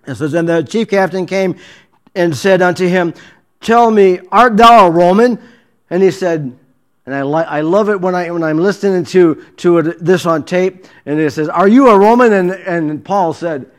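Man, preacher, storytelling sermon, fairly high voice, acted-out dialogue, repeated restarts. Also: normal speed, darkish tone. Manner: dramatic retelling with acted dialogue, frequent restarts.

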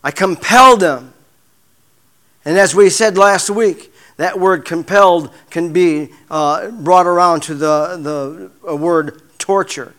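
A man preaching a sermon, halting often with repeated words and fillers, sometimes dropping to a hushed murmur. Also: sits high, steady tone. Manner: drops to a hushed murmur in prayer.

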